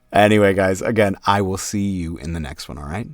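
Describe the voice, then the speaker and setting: A man's voice: sits low, moderate pace, no echo. Rambling man chatting with a dry sound. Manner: rambling, lots of ums, casual swearing. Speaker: audiobook narrator. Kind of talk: casual outro chat to viewers.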